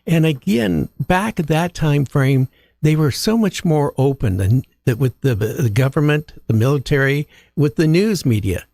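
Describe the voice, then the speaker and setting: Gravelly, lively-voiced male host. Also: a little high, unhurried. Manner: rambling, many fillers like you know and again. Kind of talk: casual chat.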